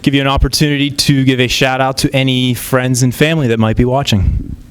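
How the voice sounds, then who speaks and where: A man's voice: mid-range voice, level tone, fairly quick, clean tone. A man interviewing a group of students on camera in a friendly, plain manner. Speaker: prom interviewer.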